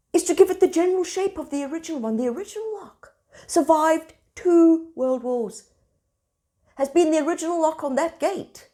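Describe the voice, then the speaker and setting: A woman, hosting and telling everyday stories in a casual, expressive monologue. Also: high voice. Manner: animated, expressive storyteller. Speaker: spiritual centre host.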